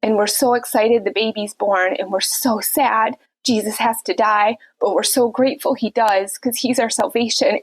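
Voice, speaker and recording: A woman with a husky, slightly raised voice, sick and speaking from her bed. She hosts a casual faith podcast and retells a story with earnest feeling before reflecting on it. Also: on the high side, a little mellow. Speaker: podcast host. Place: bedroom, recording from bed.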